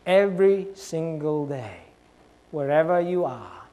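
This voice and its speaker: A male pastor with a notably high voice delivers a sermon. He drives his points with repeated rhetorical questions. He swings from loud stresses down to soft, low asides. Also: expressive, slow pace, in a large hall.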